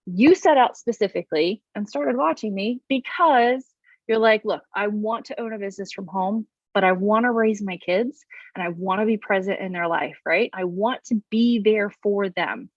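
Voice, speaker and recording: A woman in her thirties hosting her own vlog as a business coach, talking to camera in a bubbly, animated way with playful exaggerated voices. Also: medium pitch, moderate pace, dry recording, muffled recording. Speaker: business coach and channel host. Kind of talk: upbeat direct-to-camera vlog.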